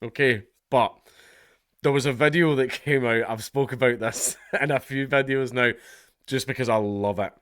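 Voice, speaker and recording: A man's voice: mid-range voice, steady tone, moderate pace, a bit bright, clear, resonant tone, dry recording. Sardonic Scottish man, dry sound. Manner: sardonic, laughs often while talking. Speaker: political commentator. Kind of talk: casual commentary vlog.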